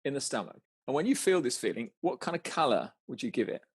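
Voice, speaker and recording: Male coach, husky mid-pitched voice, dry close sound, stammering casual delivery with frequent laughs. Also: very animated, no room sound. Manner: halting, restarts words, laughs often, swears casually. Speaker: coach guiding an exercise. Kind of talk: casual guided conversation.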